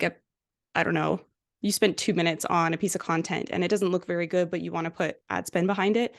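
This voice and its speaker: A woman guest on a podcast, explaining advertising in a relaxed, conversational way with lots of fillers. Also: lowish voice. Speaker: guest, ad specialist. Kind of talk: casual interview chat.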